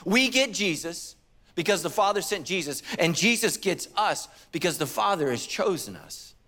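Casting: middle-aged male pastor, high voice, animated storytelling sermon. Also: moderate pace. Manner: animated storytelling with acted quotes and humor.

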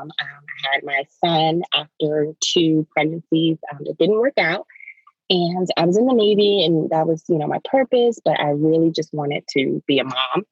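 Low-voiced husky woman guest. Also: no echo, dull audio. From Maryland. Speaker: podcast guest, breastfeeding specialist. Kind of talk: casual interview.

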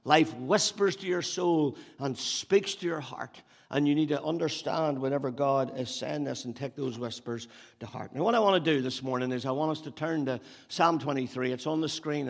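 A male pastor giving a sermon, building up to loud emphatic repeated phrases and dropping back to storytelling. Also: medium pitch, vocal fry. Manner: preaching with rising emphatic repetition. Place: church hall. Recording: long hall reverb.

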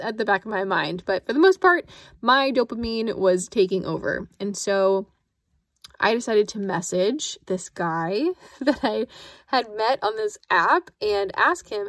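A woman's voice: medium pitch, normal speed, no room sound, clean studio sound. Chatty woman coach telling a story. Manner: chatty, animated, lots of fillers and self-quoting. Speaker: perfectionism coach and podcast host. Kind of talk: solo podcast storytelling.

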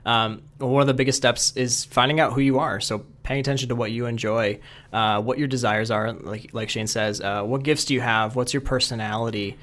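A man in a reflective conversation, speaking at a medium pitch. He talks thoughtfully, pausing and restarting as he works through ideas, then slips into storytelling mode. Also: steady tone, a bit bright. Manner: thoughtful, with many fillers and restarts.

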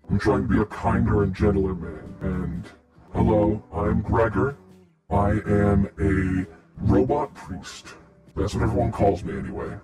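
A man playing a swaggering robot priest, an iron golem who boasts of drinking and fighting. His voice runs low, and faint music plays behind. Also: close to an everyday voice. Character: cocky male iron golem priest, brawler.

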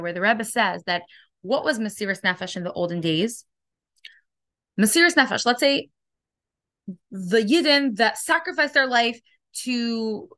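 Earnest higher-voiced woman teaching. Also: sharp tone, no room sound. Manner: earnest, emphatic, fast bursts with rhetorical questions. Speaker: program host. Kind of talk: inspirational Torah lesson.

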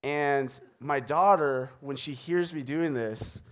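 A man's voice: fairly high pitch, takes it slowly, a bit bright. A man in his thirties, a pastor, preaching a sermon in a conversational, joking storytelling way. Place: church sanctuary.

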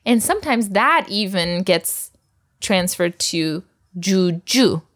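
A woman's voice: medium pitch, lively intonation, slow, fairly bright tone. A woman teaching a recorded language lesson, patiently drilling words and laughing often.

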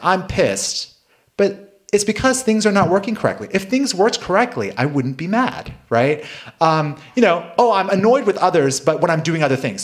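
A man in his thirties gives a relaxed, conversational sermon. His voice sits a little high and swings widely in pitch. He keeps checking in with "right?" and laughs at his own failings. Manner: casual, frequent "right?" checks, laughs at himself. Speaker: pastor.

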